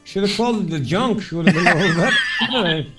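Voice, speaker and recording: A man's voice: high-pitched, a little fast, loud music behind the voice. A man co-hosting a live stream in casual chat, rambling and swearing freely, affectionate toward his friends.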